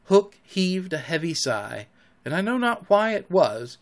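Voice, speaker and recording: A man reads a classic story aloud, with his pitch climbing and falling freely through the lines. His voice sits a touch high for a man. The reading is expressive and unhurried. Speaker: narrator. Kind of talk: audiobook narration.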